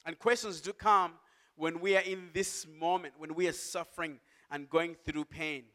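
A man preaching a sermon as pastor, earnest and emphatic, slowing down to stress key words and rising into impassioned cries. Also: fairly high pitch, steady tone, pushed and bright.

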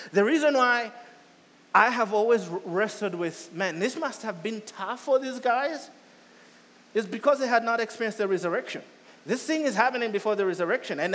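A male pastor preaches a sermon in a strikingly high voice, pounding on repeated phrases. He builds to loud, urgent peaks, then eases into a softer, lower delivery, with a long hall-like reverb tail.

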